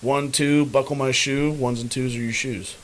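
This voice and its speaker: A man's voice: mid-range voice, fairly even intonation, normal speed, fairly bright tone, a little hiss or hum. A man co-hosting a podcast in a casual chat, rambling and loose, with a lot of swearing. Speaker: podcast co-host.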